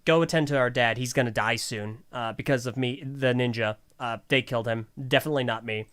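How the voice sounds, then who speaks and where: A man's voice: medium pitch, a little fast, a bit bright, clean tone, no room sound, clean studio sound, lightly acted. A man voicing a scheming male squid villain in a mocking, hammy way. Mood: shifty.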